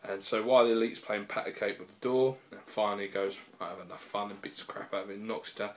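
Man, low voice, casual rambling recap, swears a lot, laptop mic. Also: steady tone, fast, a little hiss or hum. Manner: rambling and profane, full of fillers. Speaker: video reviewer. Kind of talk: casual spoken recap and review.

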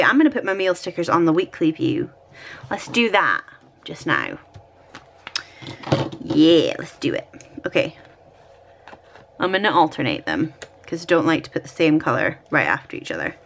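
A woman's voice: lowish voice, bright, forceful tone. A Scottish woman vlogging at home, chatting and thinking aloud while she decorates her planner, often poking fun at herself.

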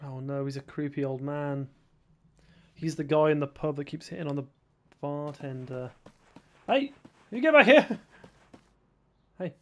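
A man's voice: on the high side, level tone, moderate pace, mellow. A man joking his way through a game as let's play host, reading the dialogue aloud, over game music. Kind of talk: gameplay commentary.

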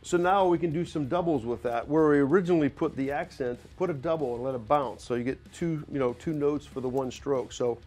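A man's voice: a little high, fairly quick, few pauses, darkish tone, faint music behind. Middle-aged male drum teacher, casual and loose, studio clinic, faint instruments in the room. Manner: loose, conversational, many "you know" fillers. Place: recording studio.

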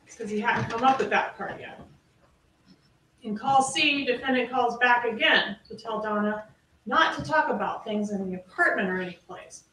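A woman's voice: mid-range voice, moderate pace, pushed and bright. A woman prosecutor delivering a closing argument, making pointed, emphatic points and firing rhetorical questions. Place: courtroom. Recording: echoey, distant courtroom audio with faint noise.

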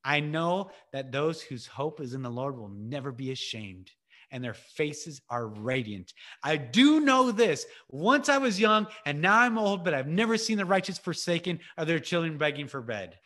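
A man with a fairly high voice shares an impassioned spiritual testimony over a video call. He talks casually, with fillers and restarts. His delivery swings between urgent, raised passages and quiet, hushed ones. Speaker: ministry speaker.

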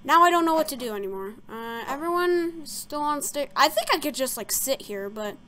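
A woman's voice: high voice, expressive, normal speed, sharp tone. A young woman playing a game and commenting as she goes, jumpy and easily startled, rambling with lots of fillers. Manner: jumpy, easily startled, frequent gasps and squeals; rambling, filler-heavy talk. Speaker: gaming video creator. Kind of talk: casual let's-play commentary.

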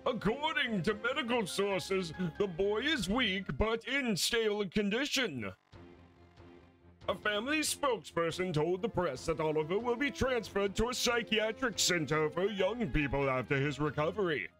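Brief: cartoonish male news anchor put on by a man, overblown bouncy read, higher than his natural voice, very lively. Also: moderate pace, soft background music, low-quality recording. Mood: hammy. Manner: exaggerated, bouncy newsreader delivery. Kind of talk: mock news reading while gaming.

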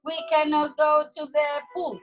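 A woman teacher, leading an online class for young children from home over a video call, greeting each child in a slow, sing-song way. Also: high voice, monotone, faint music behind. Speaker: preschool teacher.

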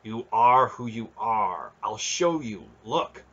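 Male narrator as a dry, calm mind-voice; husky, dull sound. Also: lowish voice, slow pace, full character voice. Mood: calm guiding. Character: dry inner voice in a boy's mind.

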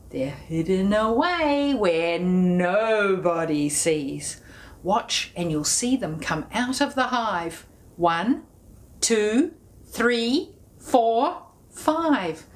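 Speaking at a medium pitch, a woman leads a children's music session, talking and singing in a playful sing-song style and sometimes dropping into a hushed whisper.

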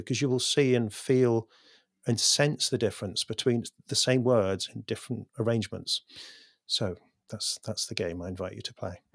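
A man's voice: mid-range voice, dry recording, clean studio sound. A man, a guest in a casual interview, explaining ideas thoughtfully with frequent restarts. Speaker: podcast guest, poet.

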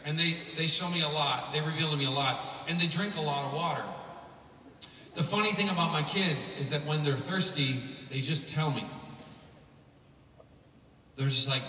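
Heard from a distance in a big, echoey conference hall, a man in his thirties, a musician, delivers a joking, meandering keynote full of fillers. His voice is a little high, bright and forceful, at a moderate pace with long pauses. Slight hiss or hum is present.

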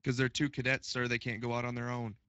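A woman voicing a gruff male police officer who calls in medics over the radio, brisk and clipped, saying "sir" politely. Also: a bass voice, level tone, fairly bright tone, no room sound, muffled recording, pitched below the performer's own voice.

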